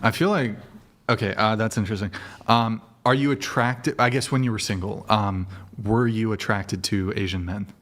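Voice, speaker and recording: A man hosting a dating debate show, firing quick teasing questions at guests. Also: on the low side, steady tone, a bit bright. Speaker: host.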